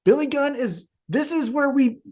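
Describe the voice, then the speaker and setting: A man's voice: very high voice, animated, moderate pace, mellow. A man co-hosting a casual podcast, talking animatedly, swearing freely and acting out wrestlers in jumpy voices. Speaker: podcast co-host.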